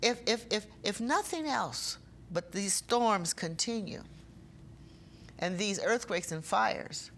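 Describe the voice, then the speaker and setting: A woman preaching a sermon with passion, slowing down and getting louder when she reads scripture. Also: medium pitch, slight background noise.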